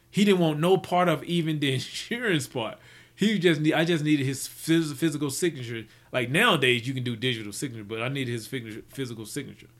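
A man's voice: a little high, a bit bright. A man telling stories from his business life in a rambling, casual way, full of restarts and fillers. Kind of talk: casual storytelling.

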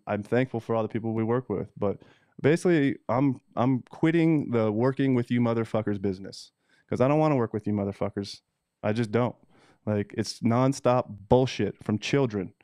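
Profane, heated man with a dark voice. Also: mid-range voice, no room sound, clean studio sound. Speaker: cannabis seed breeder. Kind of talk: casual ranting vlog monologue.

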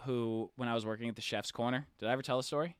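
A man's voice: medium pitch, very fast, smooth, dry recording. A young man on a podcast, casually telling a story and acting out the people in it, with the odd swear. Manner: animated storyteller, acts out quotes, swears casually. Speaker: podcast co-host.

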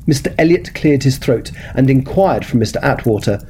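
A man reads a period detective story aloud, measured and expressive. His mellow voice rises and falls freely in pitch, with faint ambient sound behind him. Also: slight background noise. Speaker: story reader.

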